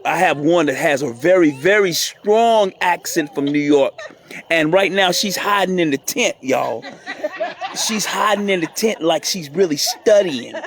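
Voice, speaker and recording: Filming a gathering on a handheld phone at an outdoor campsite, a man chats casually to the camera, playful and teasing, often repeating himself. His voice is a little high, with lively intonation and a slightly slow pace.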